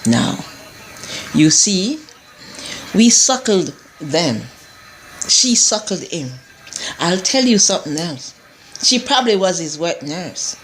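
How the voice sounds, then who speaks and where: A woman's voice: lowish voice, very animated, takes it slowly, pauses often, slight background noise. Woman reviewer, chatty, rambling recap, lots of asides and restarts. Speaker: TV show reviewer. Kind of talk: casual episode recap chat.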